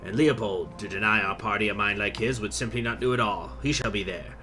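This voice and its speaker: A man's voice: on the low side, steady tone, fairly quick, over music, lightly acted. A man voicing a scheming aristocratic male count with a haughty, disdainful manner while reading a strategy game aloud. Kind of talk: let's-play reading with character voice.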